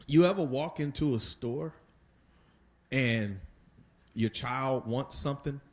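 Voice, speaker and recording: A man's voice: mid-range voice, takes it slowly. A man leading a Bible study lesson, talking conversationally and putting rhetorical questions to his listeners. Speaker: Bible teacher.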